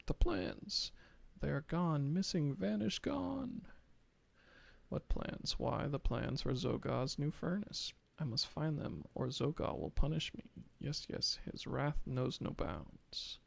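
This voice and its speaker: A man's voice: a little high, very animated, slow, creaky, full character voice. A man voicing a fretful, dramatic little kobold alchemist who repeats itself in strings of synonyms. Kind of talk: reading game dialogue aloud.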